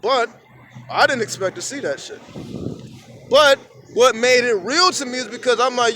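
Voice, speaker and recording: A man's voice: very high voice, moderate pace, pauses often, slight background noise. A man talking casually to his phone camera outdoors at sunrise, rambling and swearing as he tells stories. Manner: profane, rambling, animated storytelling. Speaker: vlogger. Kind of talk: casual outdoor vlog monologue. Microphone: phone camera at arm's length.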